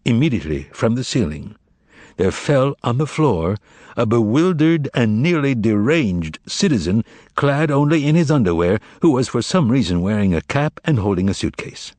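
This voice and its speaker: A man narrating an audiobook in an expressive, dramatic reading style on a close microphone. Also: mid-range voice, moderate pace, no room sound. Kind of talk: scripted narration.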